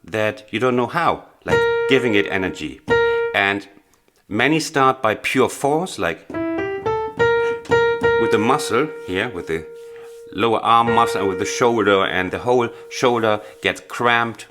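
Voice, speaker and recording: A man teaching a blues piano lesson, explaining earnestly and with emphasis, pausing with small hesitations. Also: fairly low pitch, expressive. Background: faint piano playing.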